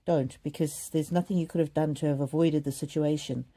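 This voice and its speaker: A middle-aged woman doing a live oracle card reading, gentle and halting, with many pauses, fillers and repeated words. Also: sits low, fairly even intonation. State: choked up with emotion. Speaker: psychic card reader.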